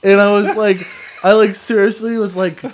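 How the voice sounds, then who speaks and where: Young male co-host, slightly high voice, loose rambling storyteller, full of filler words. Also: level tone, moderate pace, a little hiss or hum. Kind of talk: casual storytelling chat.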